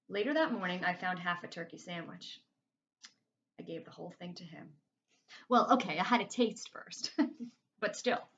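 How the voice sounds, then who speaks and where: A woman's voice: fairly low pitch, a bit bright, a little hiss or hum. A woman reading a children's novel aloud in a casual, chatty first-person storytelling way. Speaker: reader. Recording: slightly muffled lo-fi recording.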